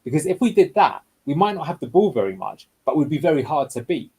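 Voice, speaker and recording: Very animated and quick, this man's somewhat high, husky voice carries a darkish tone. He's a guest football analyst explaining match footage in a tactical video breakdown, taking the clips one step at a time, and the recording quality is low.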